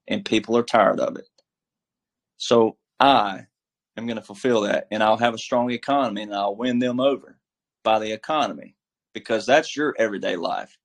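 A man giving casual political commentary as a guest, emphatic and preachy, with a folksy, filler-heavy way of talking. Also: medium pitch. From military background.

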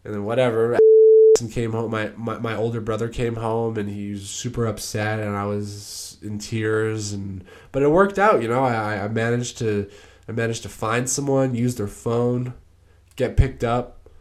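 A man's voice: fairly low pitch, fairly even intonation, normal speed. A young man hosting his own podcast, telling stories in a laid-back, rambling way with lots of fillers. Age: young adult. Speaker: podcast host. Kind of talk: casual solo podcast storytelling.

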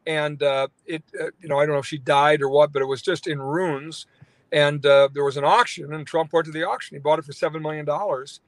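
Speaking briskly in a steady tone, a fairly high-pitched man rambles through a lengthy story with plenty of fillers and false starts. He's a radio talk show host, and it's phone-in interview storytelling, recorded with no echo.

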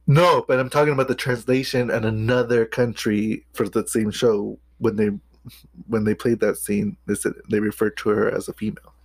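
A man's voice: lowish voice, flat delivery, moderate pace, creaky, no room sound. A man co-hosting a podcast in casual chat, rambling and hesitant with many restarts. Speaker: podcast co-host.

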